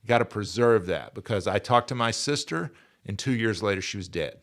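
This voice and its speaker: A man's voice: lowish voice, lively intonation, a little fast. A man in his sixties, speaking as a podcast guest in an earnest, emphatic way and repeating his key phrases. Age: 60s. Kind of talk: conversational interview.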